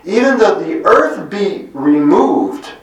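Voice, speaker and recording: Slow, echoey middle-aged male preacher. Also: high-pitched, big pitch swings. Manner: deliberate, lingers on single emphatic words. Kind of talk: slow Bible teaching sermon. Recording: very echoey room, mic at a distance.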